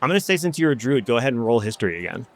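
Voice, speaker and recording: A man's voice: mid-range voice, sing-song, rapid-fire. A man narrating a tabletop game as game master, loose and rambling.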